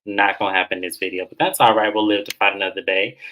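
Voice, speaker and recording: A man's voice: fast, a little hiss or hum, poor audio. Chatty male reality TV recapper. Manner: animated, mimics the cast in high voices. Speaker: host.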